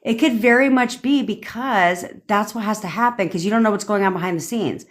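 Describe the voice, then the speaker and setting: On her livestream, a woman manifestation coach talks briskly in a medium-pitched voice. It's a blunt, profane rant, with quoted lines acted out.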